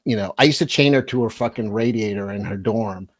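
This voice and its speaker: A man's voice: lowish voice, fairly quick, no room sound. Profane, rambling male storyteller, dry sound. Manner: profane, rambling, laughs through his own stories. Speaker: podcast co-host. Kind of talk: crude comedic storytelling.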